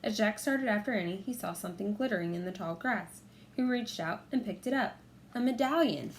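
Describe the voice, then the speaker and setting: A woman narrating a children's audiobook in a clear, measured storytelling manner. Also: medium pitch, slight background noise. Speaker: audiobook reader.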